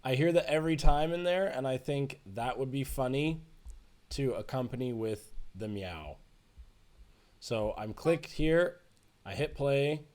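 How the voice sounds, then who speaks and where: A man teaching music production in a relaxed, chatty tutorial, thinking aloud as he works. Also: mid-range voice, a little slow. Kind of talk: screen-share tutorial.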